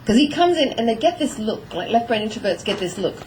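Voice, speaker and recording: A middle-aged woman giving a lively talk on horse training to an audience, acting out little exchanges with her horse. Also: fairly high pitch, quick pace, a little hiss or hum, rough recording. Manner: animated, acting out voices of herself and her horse.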